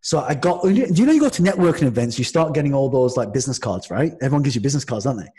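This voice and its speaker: A podcast guest from Manchester, England, tells a lively story in casual conversation. His mid-range voice races along, frequently restarting and acting out quotes.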